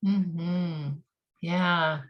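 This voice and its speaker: Slow, low-voiced woman host. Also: flat delivery, lo-fi sound. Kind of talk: casual interview chat.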